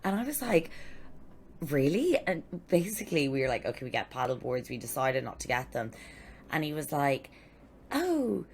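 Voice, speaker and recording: Very low-voiced Irish woman. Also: moderate pace, slight background noise. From Ireland. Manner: animated storytelling, acts out quoted voices. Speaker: podcast co-host. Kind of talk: casual chat.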